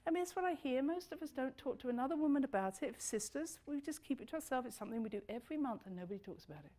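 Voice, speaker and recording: A middle-aged woman lectures to an audience in a slightly high voice. She talks with animated swoops, leaping high to stress a point, then sinking low and soft. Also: very fast. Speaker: speaker giving a talk.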